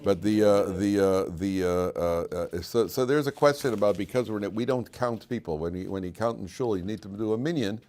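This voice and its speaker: A man's voice: fairly low pitch, a little fast, few pauses, a little mellow. A middle-aged man giving an informal Torah class in a classroom, joking and rambling with many restarts and fillers. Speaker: rabbi teaching a class.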